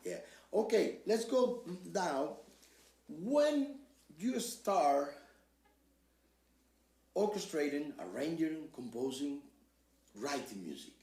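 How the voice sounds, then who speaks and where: An older man from Cuba with a Cuban Spanish accent, hosting an interview and telling lively stories, acting out the voices of the people in them. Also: takes it slowly, pauses often, reverberant, distant mic. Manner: acts out quoted voices with big swings in pitch and loudness. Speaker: host. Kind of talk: animated storytelling interview.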